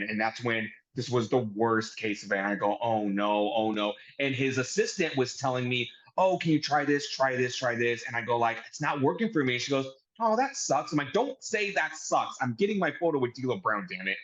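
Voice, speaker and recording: A man co-hosting a podcast, telling a story in casual chat with animated, profane delivery. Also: mid-range voice, highs cut off. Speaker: podcast co-host.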